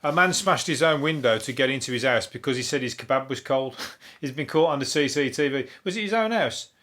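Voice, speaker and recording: A man with a Brummie accent from Birmingham, hosting a comedy podcast in a rambling, chuckling monologue with dry deadpan asides and free swearing. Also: medium pitch, brisk. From Birmingham, England. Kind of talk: casual topical comedy monologue.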